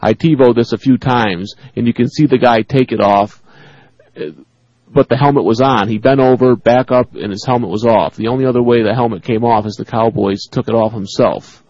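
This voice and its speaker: A man co-hosting sports talk radio, reading listener emails and laughing between lines. His voice sits at an everyday pitch and comes through a dull, dry studio feed. He talks in a loose, joking way. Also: fairly even intonation, brisk, a little mellow, no echo. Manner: laughs often, reads emails aloud.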